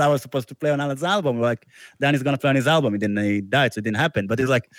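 A man's voice: mid-range voice, racing, no room sound, clean studio sound. A man, a musician guest, telling a long casual anecdote with restarts and laughter. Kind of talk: casual storytelling interview.

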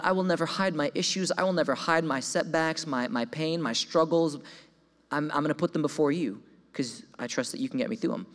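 Young man, slightly high voice, energetic testimony in a reverberant hall, trips over repeated words. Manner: animated storytelling, voices his own quoted thoughts; repeats words when excited. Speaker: speaker giving a testimony. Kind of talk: sermon testimony.

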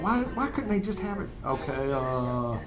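A man in casual banter, teasing his friend while reading aloud haltingly. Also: medium pitch, sing-song, a crowd in the background.

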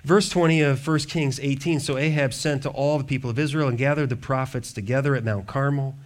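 A man preaching a sermon, reading scripture aloud and breaking off into joking asides, swinging from hushed to loud. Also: medium pitch, steady tone, fairly quick. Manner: reads scripture then riffs with humor and asides. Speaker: pastor.

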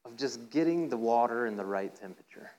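In a rough recording, a preacher with a dark tone and lively intonation speaks briskly through an informal sermon. He tells a playful story, acting out voices with rising pitch, and keeps checking in with listeners, often asking "right?"

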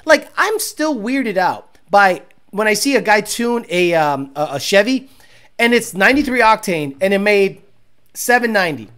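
A woman hosting a casual livestream as a car tuner, profane and animated, laughing often. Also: mid-range voice, moderate pace, clear, resonant tone. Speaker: car tuner and stream host.

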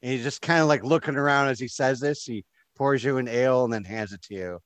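A man's voice: medium pitch, quick pace, a bit bright, no room sound. Man running a tabletop game. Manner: casual, rambling narration with fillers. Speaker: game master.

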